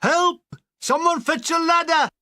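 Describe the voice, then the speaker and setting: A man's voice: high voice, big pitch swings, moderate pace, a bit bright, full character voice. A man reading a war memoir aloud and voicing a grumbling, sarcastic young soldier. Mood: yelling.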